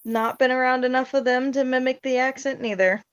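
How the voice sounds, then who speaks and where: A woman from the Deep South with a Southern American accent, bantering dryly in a casual chat. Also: steady tone, fairly quick, smooth. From Deep South, United States. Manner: dry, joking banter.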